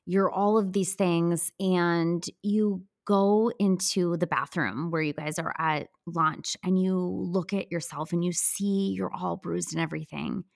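A woman hosts an interview in a fairly low voice. She speaks sympathetically and sums up what her guest has told her. The sound is dry and close. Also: fairly even intonation, measured pace, vocal fry, few pauses, no echo. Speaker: podcast host.

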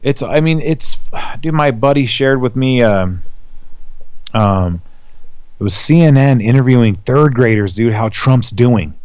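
A man's voice: mid-range voice, animated, a little slow, a little mellow, clean tone, no echo. A young adult man on a podcast, talking in a profane, heated rant. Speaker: podcast co-host. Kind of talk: casual chat. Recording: dull lo-fi sound.

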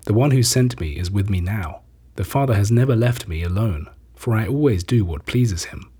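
A man reading as Jesus, solemn and husky. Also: fairly low pitch, expressive, mellow. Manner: measured, solemn. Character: Jesus, a calm, authoritative teacher, adult man. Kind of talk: scripture reading.

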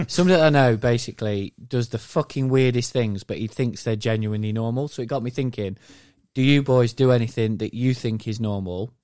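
A man's voice: medium pitch, fairly quick, hardly any pauses, darkish tone, no room sound, clean studio sound. A man co-hosting a podcast, chatting casually with blunt, teasing remarks and swearing. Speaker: podcast co-host. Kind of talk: casual chat.

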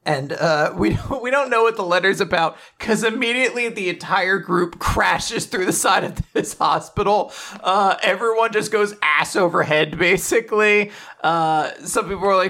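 A man with a bright, fairly high voice tells the story of each chapter in a lively, animated way. He laughs often and talks casually as a podcast host. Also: moderate pace. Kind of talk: casual chat, recapping manga chapters.

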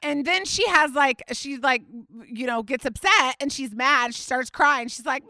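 A woman, hosting a podcast and telling a story in a chatty, animated way with frequent laughs. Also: high-pitched, moderate pace, dry recording, studio quality. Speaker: podcast host. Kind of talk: casual storytelling monologue. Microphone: studio mic.

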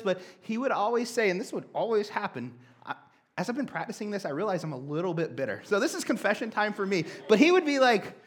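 A young man preaching a sermon, telling a childhood story with animated, conversational energy. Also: sits high, a little fast. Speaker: pastor.

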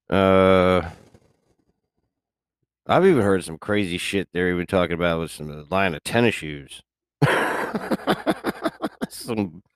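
A man's voice: sits low, gravelly, a bit bright, no echo, studio quality. A man hosting a radio show, rambling casually in a profane, loose way and laughing often. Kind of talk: casual solo talk.

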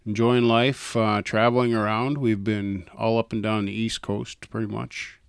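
A man's voice: fairly low pitch, flat delivery, moderate pace, creaky, smooth, no echo. An older man from North Dakota, a guest telling stories in an easygoing, folksy way. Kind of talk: casual interview chat.

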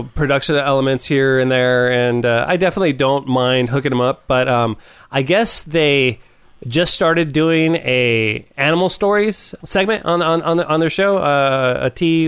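A man's voice: mid-range voice, normal speed, fairly bright tone, clear, resonant tone. A man hosting a casual podcast, laughing often and rambling with swears and restarts. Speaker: podcast host.

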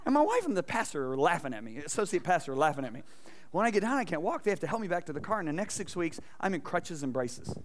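A middle-aged man preaching an energetic sermon to a congregation, telling stories with acted-out voices and swinging between loud and soft. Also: high-pitched. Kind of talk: energetic sermon with stage demonstration. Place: church stage before a congregation.

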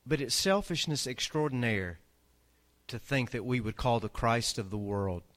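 Lively, emphatic male preacher. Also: normal speed. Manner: emphatic preaching, rising to loud peaks and dropping low. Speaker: pastor. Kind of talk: sermon.

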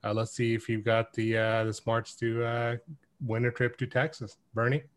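A man's voice: medium pitch, flat delivery. A man co-hosting a podcast over a video call, talking casually with lots of fillers and restarts. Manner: halting, many fillers and restarts. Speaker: podcast co-host.

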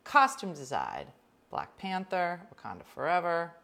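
Casting: talkative woman host, slightly low voice, very animated delivery, rambling with whispered asides. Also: measured pace, gravelly. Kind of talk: casual chat.

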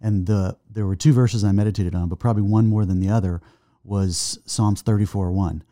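Earnest man with a dark, low voice. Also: steady tone, dry recording, studio quality. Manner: earnest, halting with restarts, recites scripture slowly. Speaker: guest, son of the host. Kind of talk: personal faith testimony in conversation.

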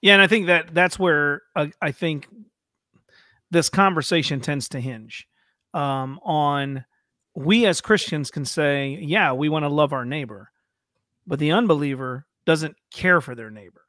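A man hosting a podcast, talking through theology in a thoughtful, halting way with many fillers. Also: on the high side, sharp tone, dry recording, studio quality. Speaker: podcast host. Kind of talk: casual theological discussion.

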